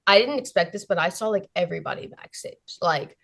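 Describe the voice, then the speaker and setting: A young woman, a guest on an interview show, excitedly telling a story and filling her sentences with "like" and "literally". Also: on the low side, a little fast, creaky. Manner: breathless, fills every phrase with "like" and "literally".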